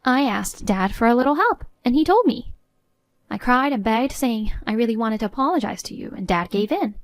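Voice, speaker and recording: A woman's voice: fairly high pitch, lively intonation, normal speed, no room sound, lightly acted. A woman voicing a spoiled, scheming younger sister who talks in a smug, mocking way. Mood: smug taunting.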